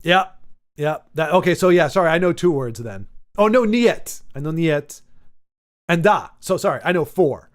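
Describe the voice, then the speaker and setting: A man's voice: on the high side, animated, normal speed. A man casually chatting with viewers on a live stream, joking and answering the chat aloud.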